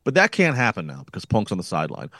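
A man's voice: on the low side, huge pitch swings, quick pace, sharp tone, no room sound, clean studio sound. Musing man co-hosting a wrestling podcast. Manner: musing, thinks aloud with many restarts. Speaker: podcast co-host. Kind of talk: casual wrestling talk.

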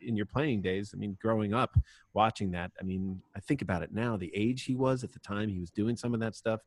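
A middle-aged man hosting a podcast, joking and animated as he tells stories and questions his guest. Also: fairly low pitch, brisk, dry recording. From Ireland. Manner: jokey, animated, lively storytelling. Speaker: podcast host. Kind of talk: casual interview chat.

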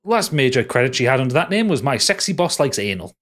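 A very animated man with a medium-pitched, slightly bright voice talks fast as he co-hosts a casual podcast. He reviews a bad film with swearing and exasperation, restarting many times.

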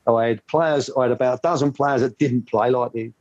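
An older man recalls old times in a rambling, anecdotal way, his voice slightly husky. The sound is dry and a little dull, like a lo-fi remote call. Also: mid-range voice, fairly even intonation, brisk, darkish tone, no room sound. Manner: rambling anecdotal, many fillers. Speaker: guest, former football coach. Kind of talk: storytelling interview.

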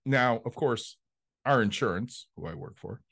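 A man's voice: medium pitch, normal speed, vocal fry, fairly bright tone, slightly rough. A man co-hosting a podcast in casual chat, telling blunt stories and swearing freely. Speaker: podcast co-host.

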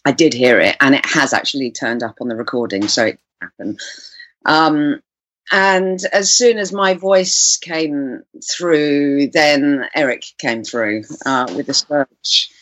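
A woman's voice: a bass voice, slow pace, fairly bright tone, no room sound, muffled recording. A woman guest telling a personal story in an interview, earnest and searching for her words. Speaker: guest, composer and musician.

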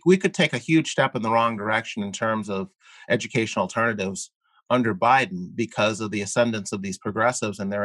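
A man speaking as a guest in an interview, explaining his views earnestly while halting often with fillers and repeated words. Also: mid-range voice, fairly bright tone, no echo. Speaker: guest columnist. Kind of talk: conversational interview.

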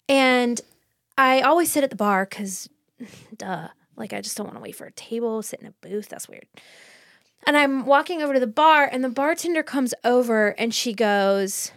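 A woman's voice: fairly high pitch, moderate pace, dry recording, studio quality. A woman co-hosting a book podcast who chats casually, swears freely and acts out little quotes while telling stories. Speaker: podcast co-host. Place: podcast studio. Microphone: studio microphone.

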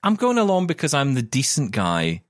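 A man's voice: mid-range voice, huge pitch swings, moderate pace, no echo. A man co-hosting a tech podcast in casual chat, dry and self-deprecating, stumbling over restarts. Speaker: podcast co-host.

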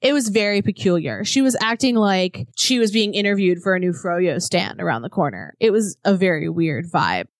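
A woman's voice: on the low side, animated, moderate pace, few pauses, no echo, studio quality. A woman co-hosting a podcast, chatting casually about a true-crime case with lots of "like" fillers. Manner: conversational, frequent "like" fillers. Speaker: podcast co-host.

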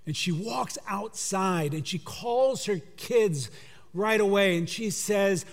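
A man preaching a sermon through a story, in a conversational way that drops to a hush for emphasis. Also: high-pitched, slow pace. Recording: long hall reverb.

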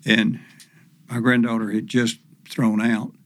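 An older man, a professional fisherman as podcast guest, telling folksy stories slowly with plenty of fillers and acted-out quotes. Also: medium pitch, level tone, a bit bright, dry recording. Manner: folksy, unhurried, many fillers, acts out quotes. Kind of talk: casual storytelling interview.

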